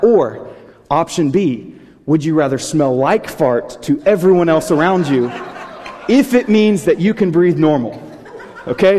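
A young male pastor with a mellow, slightly high voice works the room in a playful, jokey way. His words ring out with the long reverb of a big church auditorium. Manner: jokey, upbeat, addressing a crowd. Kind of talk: playful sermon opener with audience game. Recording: long reverb of a large hall.

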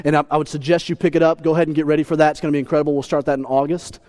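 Male pastor, 30s, high voice, lively and self-mocking storytelling. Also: very fast. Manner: animated, self-deprecating, repeats words. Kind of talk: sermon storytelling.

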